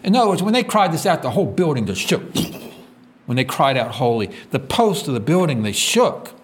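A man preaching with a voice that rides up and down, fairly high for a man. He reads scripture and throws questions at his listeners. His delivery swings from loud, emphatic peaks to quiet, low drops. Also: big pitch swings, moderate pace. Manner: call-and-response questions, reads scripture aloud. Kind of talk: sermon.

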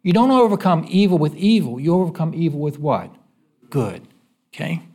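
High, lively preacher man quizzing the congregation. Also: husky. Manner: asks the congregation fill-in-the-blank questions; conversational, folksy, with quick repeats. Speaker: pastor. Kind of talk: sermon. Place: church.

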